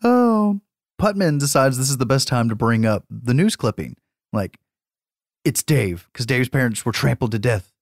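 A man retells a movie's plot on a podcast, swearing freely and laughing between lines. His pitch swings widely as he acts out moments. The sound is dry and close. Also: normal speed, dry recording. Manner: profane, laughing, animated storytelling. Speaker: podcast host. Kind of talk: casual movie recap.

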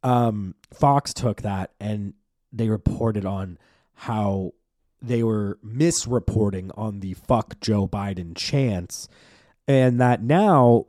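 A young man hosting a solo podcast, ranting in an animated, profane way full of fillers. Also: on the low side, no room sound, studio quality. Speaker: podcast host.

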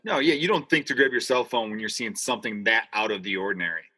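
A man's voice: lowish voice, fast talker, sharp tone, slightly rough, faint music behind. A man hosting a casual podcast chat, reacting in a laid-back way and swearing casually. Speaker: podcast host.

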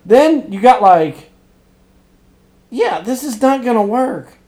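A man co-hosting a casual podcast about upcoming movies, excitable, swinging from quiet asides to loud outbursts. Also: very high voice, slow pace. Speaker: podcast co-host.

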